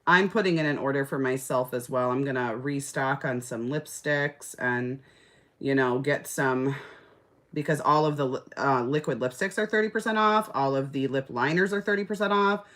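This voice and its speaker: A woman's voice: rumbling low, moderate pace, a bit bright. A woman, chatting casually on a live stream, answering comments and gushing about skincare sales. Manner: chatty, gushing, fillers like "like" and "oh my gosh".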